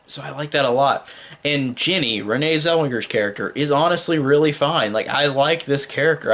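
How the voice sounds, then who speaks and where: A man's voice: mid-range voice, fairly bright tone. A young man giving a casual spoken film review, rambling with many fillers and restarts.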